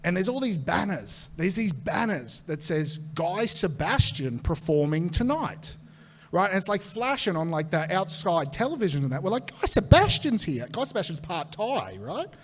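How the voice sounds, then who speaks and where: A man with an Australian accent, a comedian guest telling a long comic anecdote to a live audience, animated and swearing as he acts out the voices in it. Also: high voice, normal speed.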